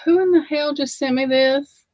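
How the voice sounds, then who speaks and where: A woman's voice: high voice, normal speed, a little mellow, no room sound, lo-fi sound. A woman with an Alabama accent hosting a casual chat, rambling and swearing freely. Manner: rambling and profane, with frequent swearing. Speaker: host.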